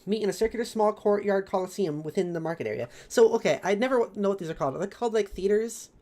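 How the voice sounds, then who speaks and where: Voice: medium pitch, expressive, quick pace, dark tone. A streamer reading a story recap of a tabletop campaign, chatty and rambling. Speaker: streamer narrating campaign lore.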